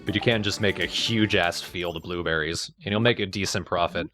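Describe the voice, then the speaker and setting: Man, lowish voice, let's play commentary, easygoing explainer, faint music under. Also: brisk. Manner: explains game mechanics, laughs easily. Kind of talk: casual gameplay commentary.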